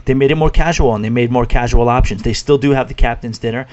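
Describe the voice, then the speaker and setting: A man's voice: medium pitch, quick pace, a little mellow, lo-fi sound. A man with a New York accent hosting a podcast, chatting casually and self-deprecatingly with lots of restarts. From New York City, USA. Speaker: podcast host. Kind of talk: casual interview chat.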